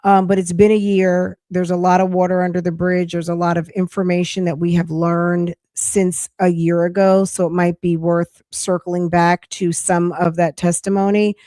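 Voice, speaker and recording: A woman's voice: fairly low pitch, flat delivery, moderate pace, few pauses, mellow, no echo, studio quality. Chatty woman losing her voice. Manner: chatty, rambling with frequent restarts. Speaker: podcast host. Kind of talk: casual live-stream chat.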